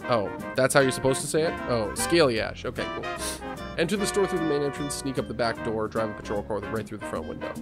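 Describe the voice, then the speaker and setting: A man's voice: mid-range voice, quick pace. A man streaming a game, chatting casually, reading the game text aloud and asking viewers to help him decide. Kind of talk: casual gameplay commentary. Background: game music.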